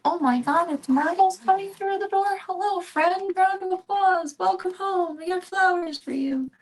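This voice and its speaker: A woman's voice: very high-pitched, normal speed, pitched above the performer's own voice, poor audio. A woman doing gushing, overjoyed pet cats. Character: gushing, excited pet cats greeting a housemate.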